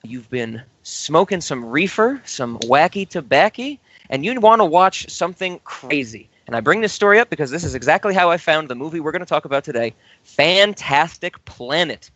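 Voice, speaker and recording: A man's voice: fairly high pitch, animated, moderate pace, fairly bright tone, lo-fi sound. A man co-hosting a casual film podcast, rambling and teasing his co-host.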